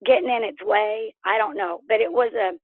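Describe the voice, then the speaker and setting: Animated woman telling a tale over the phone. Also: fairly high pitch, moderate pace, dry recording. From Oklahoma. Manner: animated, laughs often, acts out quotes. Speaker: interview guest. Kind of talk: casual storytelling. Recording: tinny phone line.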